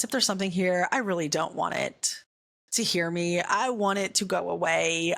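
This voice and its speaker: A woman hosting a faith podcast, telling a personal story in a chatty, animated way, full of "right?" and "like", going hushed at the scary parts. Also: mid-range voice. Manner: chatty, animated, filler-heavy with frequent "right?" and "like"; drops to a hushed voice when retelling scary moments. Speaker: podcast host. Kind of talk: casual faith storytelling monologue.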